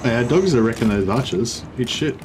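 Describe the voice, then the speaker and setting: A gaming streamer, a man with a medium-pitched voice, casually comments on a strategy game at a moderate pace, rambling, interrupting himself and occasionally swearing. The rough recording carries music and steady noise in the background.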